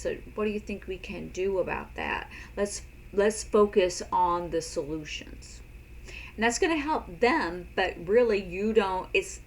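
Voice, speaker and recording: A woman teaching a sign language lesson in a casual spoken style, unhurried and repeating words as she demonstrates signs. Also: on the low side, slight background noise, low-quality recording.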